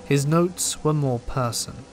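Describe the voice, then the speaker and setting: A man reading horror stories aloud in a slow, hushed narration. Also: on the high side, faint music behind. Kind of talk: scripted narration. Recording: rain noise behind voice. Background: steady rain.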